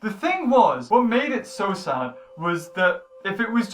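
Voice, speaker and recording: A man hosting a casual movie review chat, excitable and tripping over his words. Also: high-pitched, moderate pace, few pauses, slight background noise. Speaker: channel host. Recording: echoey room, mic at a distance.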